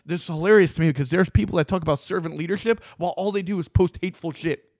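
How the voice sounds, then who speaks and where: Guy ranting on his soapbox, kinda high voice, blunt and sweary, dry close sound. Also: racing, no echo. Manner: blunt, swears freely, animated. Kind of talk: opinionated monologue.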